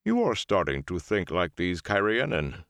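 A man with a low voice voicing a huge, gentle male Ogier in an audiobook, calm and measured. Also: creaky, no echo, studio quality, exaggerated voice. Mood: calm, thoughtful.

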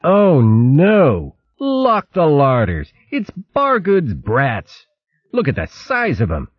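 A man voicing a gruff, boisterous female otter aunt who shouts and teases in rough, rustic grammar. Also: on the high side, huge pitch swings, slow pace, no echo, muffled recording, pitched above the performer's own voice, heavily acted.

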